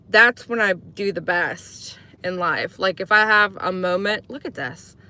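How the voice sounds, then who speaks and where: A woman live streaming in casual chat, talking to viewers and answering their comments. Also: sharp tone. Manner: chatty, answers chat comments, mimics sweet talk in high voice.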